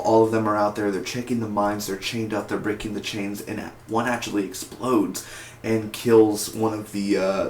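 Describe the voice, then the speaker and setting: A man reviewing a TV episode in a casual video, rambling, repeating words and correcting himself as he goes. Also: fairly low pitch. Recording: echoey room with faint noise.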